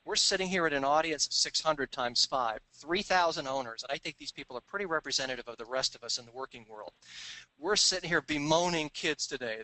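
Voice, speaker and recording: A middle-aged man giving a business talk, telling stories and acting out the dialogue in quick voices. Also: fairly high pitch, sharp tone, no echo, rough recording. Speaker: business speaker. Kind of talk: recorded seminar talk.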